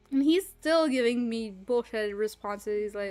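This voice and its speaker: A young woman livestreaming, telling a rambling, animated story full of fillers, swearing and laughter. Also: fairly high pitch, a little slow, faint music behind. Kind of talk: casual storytelling chat.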